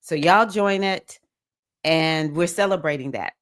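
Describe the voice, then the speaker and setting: A woman's voice: sits low, unhurried. Enthusiastic woman hosting a livestream. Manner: enthusiastic, cheering viewers with whoops; reads viewer comments aloud. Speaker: livestream host. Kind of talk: casual livestream chat.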